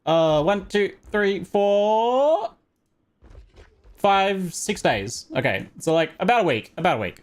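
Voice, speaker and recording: A man streaming a video game live, reacting excitedly to the action, yelping and laughing, and chatting directly to his viewers. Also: sits high, slow pace. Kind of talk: live gameplay commentary. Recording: game music under the voice. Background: game music.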